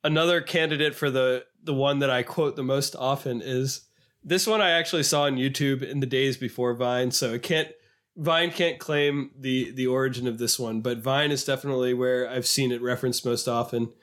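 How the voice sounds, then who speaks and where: A man co-hosting a podcast in casual chat, animated and sometimes quoting clips in a higher put-on voice. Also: moderate pace. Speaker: podcast co-host.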